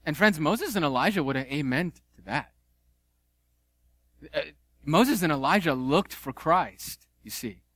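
Man preaching, animated and conversational, playful asides, slightly high voice, dry close mic. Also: unhurried, pauses often, no echo. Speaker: pastor. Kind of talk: sermon.

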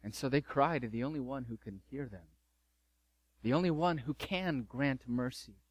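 A man's voice: medium pitch, moderate pace, no echo. A middle-aged man preaching a sermon as pastor, fervent and emphatic, repeating key phrases.

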